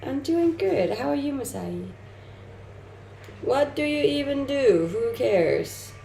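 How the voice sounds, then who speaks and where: A woman's voice: sits high, sing-song, slow pace, gravelly, dark tone. A young woman from Denmark with a shifting Danish and Australian-tinged English accent, chatting casually on a live stream and laughing often. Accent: mixed Danish and Australian-tinged English. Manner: chatty, laughs often, answers chat messages. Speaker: livestreamer reading chat. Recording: echoey room, faint noise.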